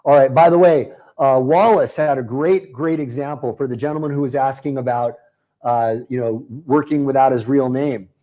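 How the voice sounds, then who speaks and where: Mellow, upbeat man hosting a webinar. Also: medium pitch, moderate pace. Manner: chatty and upbeat, reads out viewers' comments and answers them by name. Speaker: webinar host selling a marketing program. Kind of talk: live webinar sales pitch.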